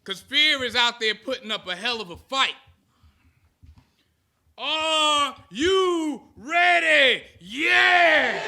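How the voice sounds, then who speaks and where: Bright, forceful and high-pitched, this man's voice carries a motivational speech to an audience. He's American, in his thirties, and gets listeners going with call-and-response chants.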